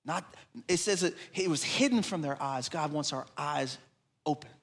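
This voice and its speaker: A pastor with a fairly high voice preaches at a moderate pace, telling a lively story and voicing its characters. For his appeal, he drops to soft, hushed tones.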